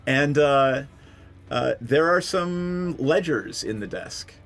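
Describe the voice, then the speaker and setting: A man's voice: mid-range voice, lively intonation, slow pace, gravelly, fairly bright tone, faint music behind. A man narrating as dungeon master of a tabletop game, loose and joking.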